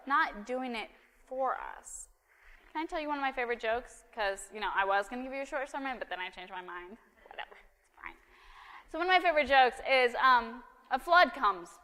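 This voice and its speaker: A woman preacher delivering a sermon in a casual, joking style. Her voice is bright and fairly high. A long church-hall reverb trails behind it. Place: church sanctuary.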